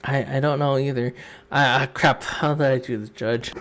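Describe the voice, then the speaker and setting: A man's voice: mid-range voice, steady tone, moderate pace, fairly bright tone, slight background noise. A young man casually chatting while streaming a courtroom game, rambling and laughing often.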